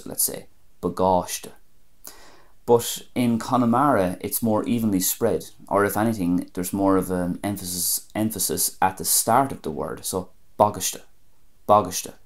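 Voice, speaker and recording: A man giving a spoken language lesson, measured and careful, repeating each example word slowly. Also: low voice, darkish tone. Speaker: language teacher.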